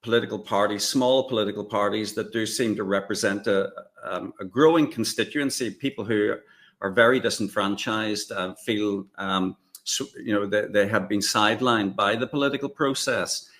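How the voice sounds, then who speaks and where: A man co-hosting a political discussion, talking in a halting way with many fillers and restarts. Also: lowish voice, fairly bright tone. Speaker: co-host.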